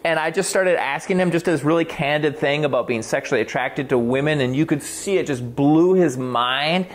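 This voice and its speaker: A male clinician with a somewhat high voice tells a case story in a loose, conversational way. He is animated, swears freely and often breaks off to restart his sentences. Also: normal speed. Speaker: clinician on a talk show.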